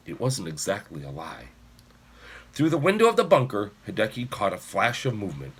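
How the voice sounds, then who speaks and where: A man's voice: lowish voice, sing-song, moderate pace, a little hiss or hum. A man narrating an audiobook expressively, shifting his voice for each character.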